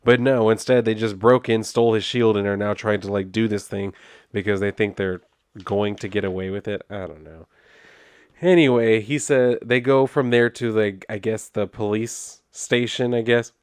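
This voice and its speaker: A man's voice: fairly low pitch, steady tone, moderate pace, darkish tone, clear, resonant tone, dry recording, clean studio sound. Sarcastic, exasperated man reviewing comics. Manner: sarcastic and exasperated, with rambling fillers. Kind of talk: casual recap and review.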